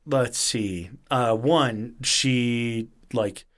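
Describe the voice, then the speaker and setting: A man hosts a podcast in a casual, animated way. He swears often and throws himself into quotes with shifting voices. His pitch sits at an ordinary middle for a man. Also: drawn-out words. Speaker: podcast host. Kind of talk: casual storytelling chat.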